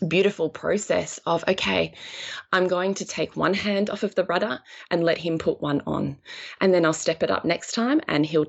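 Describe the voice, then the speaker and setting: A woman in her forties giving a motivational relationship talk, acting out quoted voices with big jumps in pitch. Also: gravelly.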